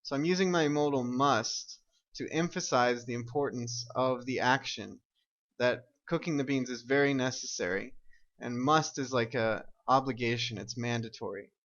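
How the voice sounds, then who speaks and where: A man's voice: medium pitch, moderate pace, fairly bright tone, dull audio. A man teaching an English grammar lesson, explaining step by step and often checking with "right?" and "okay?".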